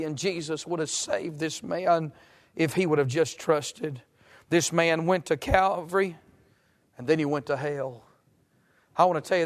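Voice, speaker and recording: A man preaching a sermon, making fervent, pleading appeals to his listeners. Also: on the high side.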